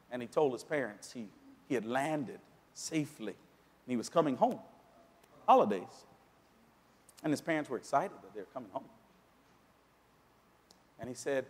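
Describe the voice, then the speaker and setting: A man preaching a sermon, climbing dramatically toward near shouts at his points of emphasis. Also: mid-range voice, moderate pace, long pauses, in a large hall. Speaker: pastor. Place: church sanctuary.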